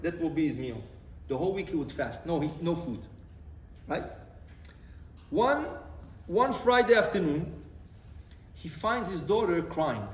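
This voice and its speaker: Male rabbi, expressive sermon delivery, echoey room with faint background hiss. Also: sits high. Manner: animated storytelling with rhetorical questions. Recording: roomy, distant mic, faint noise.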